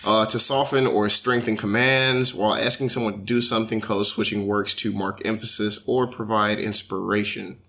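A man co-hosting a podcast, casually reading definitions aloud and commenting on them in a relaxed way. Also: on the low side, moderate pace, creaky, few pauses. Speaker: podcast co-host.

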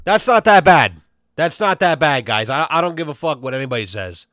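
A man hosts a casual podcast, swearing freely and telling stories with a sarcastic edge. His voice sits a little high. The sound is dry and close to the microphone. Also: sing-song, a little fast, a bit bright, no room sound. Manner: profane, sarcastic storytelling. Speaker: podcast host.

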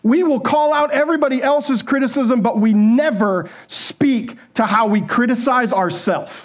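A man's voice: very high-pitched, moderate pace. A man preaching a sermon in a conversational way, asking the congregation questions and acting out the voices in people's heads. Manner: conversational, asks the congregation questions, acts out quoted inner voices. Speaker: pastor. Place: church stage.

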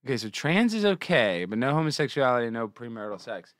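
A young man from Texas hosting a comedic news show, reading headlines and mocking them with sarcastic, excitable riffs. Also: mid-range voice, fast talker, no echo, studio quality. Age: young adult. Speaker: podcast host.

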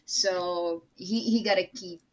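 A woman's voice: fairly low pitch, fairly even intonation, slow, dull audio. A woman playing a tabletop role-playing game, describing her character's actions hesitantly with many fillers. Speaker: player.

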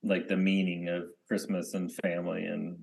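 A man co-hosting a podcast in casual chat, rambling and often trailing off into quiet mumbles. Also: low-pitched, monotone, normal speed, creaky. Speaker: podcast co-host.

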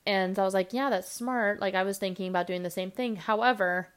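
A young woman hosting her own podcast, talking fast and rambling casually with lots of fillers. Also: mid-range voice, fairly even intonation, smooth. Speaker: podcast host. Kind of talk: casual solo podcast monologue.

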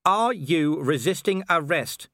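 A man's voice: fairly high pitch, very animated, moderate pace, fairly bright tone, dry recording, pitched above the performer's own voice. A man voicing a weary, dry-witted middle-aged male watch commander in an audiobook, sardonic and dry.

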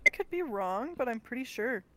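A woman's voice: fairly high pitch, sing-song, moderate pace, rough recording. Chatty young woman podcast co-host. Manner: chatty, lots of fillers and laughter. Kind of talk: casual chat.

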